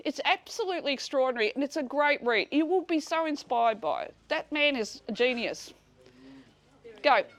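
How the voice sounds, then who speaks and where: A woman in her sixties telling a group about her dispute, blunt and animated, swearing freely and acting out conversations. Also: sits high, normal speed. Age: 60s. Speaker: speaker at a community meeting. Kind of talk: casual storytelling to a live group.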